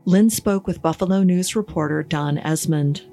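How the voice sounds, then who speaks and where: Low-voiced woman narrating true crime. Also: normal speed, creaky, mellow, soft background music. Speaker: podcast narrator.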